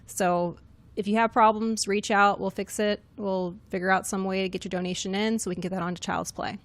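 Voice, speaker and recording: A woman producing and co-hosting a podcast, speaking in a brisk, practical way with dry quips. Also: mid-range voice, little pitch movement, dry recording. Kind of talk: casual podcast chat.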